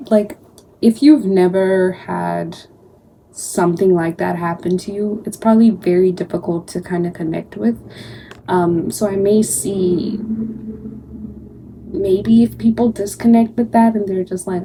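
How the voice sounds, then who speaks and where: Slow, creaky-voiced young woman vlogger. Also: mid-range voice, dark tone, slight background noise. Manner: emotional, slangy and gushing. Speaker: book vlogger. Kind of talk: casual reading vlog.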